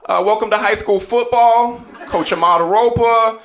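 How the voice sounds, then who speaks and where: A man's voice: high-pitched, a little slow, a bit bright, pitched above the performer's own voice. A man doing a boastful, washed-up middle-aged football coach who calls everyone "man" and "baby", in a stand-up set. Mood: pompous. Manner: self-aggrandizing, drawls "man" and "baby". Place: comedy club stage. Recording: noisy live club recording.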